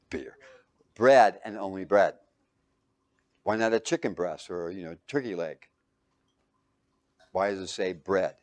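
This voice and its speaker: A man teaching a bible lesson to a live group, quizzing them with fill-in-the-blank questions and swinging between loud and hushed. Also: lowish voice. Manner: asks the audience fill-in questions. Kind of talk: sermon.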